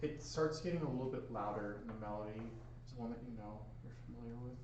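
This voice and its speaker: A man narrating a tabletop game as game master, easygoing and quick to laugh. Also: medium pitch, a little mellow, highs cut off. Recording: echoey room, distant mic, noisy.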